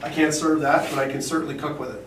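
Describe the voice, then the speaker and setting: A man talks staff through oyster shucking in a casual, rambling way, full of jokes and acted-out asides. His voice is a bit high for a man and comes from a camera a few steps away. The shop echoes, with a faint hum underneath. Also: level tone, fast, fairly bright tone, distant mic. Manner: rambling, jokey, acts out quotes. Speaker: oyster shucker giving a demonstration. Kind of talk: casual hands-on talk to industry staff. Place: fish shop, indoors.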